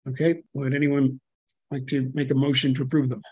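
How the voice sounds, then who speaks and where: A man chairing a public commission hearing, halting and full of fillers and self-corrections, speaking over a video call. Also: medium pitch, little pitch movement, darkish tone, husky, no echo, muffled recording.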